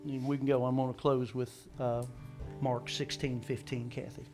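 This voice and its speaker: A man preaching a sermon as pastor, animated, acting out scripture voices and asking the congregation questions. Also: medium pitch, normal speed, music in the background.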